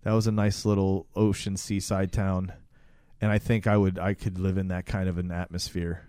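A man's voice: low voice, little pitch movement, normal speed, warm tone, clean tone, dry recording, clean studio sound. A man co-hosting a casual podcast chat, teasing the others and steering to the next question. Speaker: podcast co-host.

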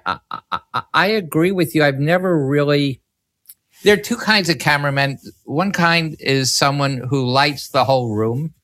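Podcast guest, male, bright, mid-pitched, rambling storyteller who restarts sentences. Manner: rambling, with many restarts and self-corrections. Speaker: filmmaker guest.

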